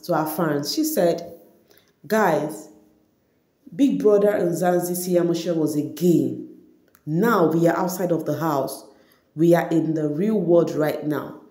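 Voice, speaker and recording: A woman vlogger chats straight to her viewers in a casual, gossipy way, laughing now and then. Her voice is mellow and warm. The room around her sounds echoey. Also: on the low side, animated, unhurried. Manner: chatty, laughs often, addresses viewers directly. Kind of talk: casual reality-show gossip commentary.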